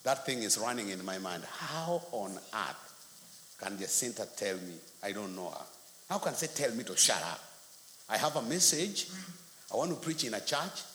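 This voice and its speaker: Brief: male preacher, lively and forceful storytelling, roomy church sound. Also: lowish voice, normal speed. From Kenya. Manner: animated storytelling, acts out quotes. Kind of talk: sermon. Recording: echoey hall, faint noise.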